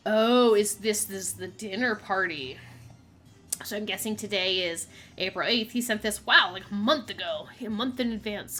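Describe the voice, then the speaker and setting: A woman's voice: mid-range voice, moderate pace, bright, forceful tone. A young woman streamer chatting casually while playing a mystery game, reading its text aloud and laughing often. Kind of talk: casual gameplay commentary. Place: home streaming setup.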